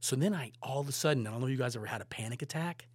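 A man in a podcast chat tells his stories with lively energy, swearing freely and acting out what people said. His voice sits at an ordinary pitch, and the recording is dry and close, with no room sound. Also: very fast, breathy edge, no room sound. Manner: animated, swears freely, acts out quotes. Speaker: podcast guest, photographer and director. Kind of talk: casual storytelling chat.

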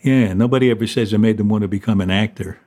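Low-voiced male podcast host. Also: fast, warm tone. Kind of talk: scripted show links.

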